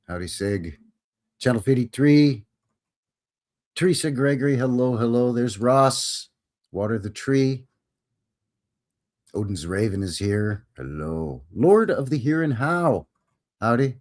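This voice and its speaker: A man's voice: mid-range voice, a little mellow. A man hosting a live show, chatting casually and greeting viewers by name. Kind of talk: casual livestream chat.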